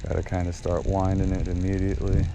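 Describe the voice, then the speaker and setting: A young man from eastern Pennsylvania chats easily to his viewers while fishing at a pond, in a fairly low, relaxed voice. He is recorded on outdoor camera audio with a clear wash of background noise. His commentary stays casual and laid-back. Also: fast. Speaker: fishing vlogger. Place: outdoors by a small backyard pond.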